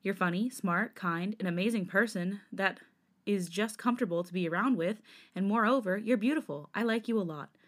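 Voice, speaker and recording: Woman reading as a gentle, affectionate young man. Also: medium pitch, brisk, natural voice. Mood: tender. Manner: soft, tender.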